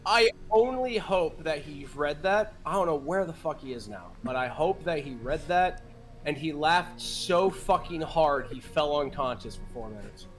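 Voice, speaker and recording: A man in his thirties telling a story in casual chat, animated and swearing, laughing often. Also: fairly high pitch, moderate pace, music in the background. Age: 30s. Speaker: game master and streamer. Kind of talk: casual chat between players.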